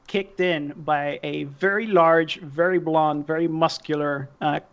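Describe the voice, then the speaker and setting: A man's voice: on the high side, steady tone, a little slow, clear, resonant tone. Guy running a tabletop game, casual, cusses, muffled lo-fi mic. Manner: casual, swears, laughs often. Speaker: game master.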